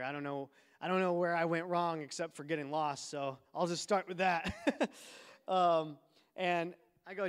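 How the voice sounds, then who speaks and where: A man with a high, light voice delivers a sermon, moving from chatty storytelling to urgent exhortation. His words ring out in a large church hall with a long reverb tail. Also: steady tone, normal speed, clean tone. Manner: conversational storytelling building to fervent exhortation. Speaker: preacher.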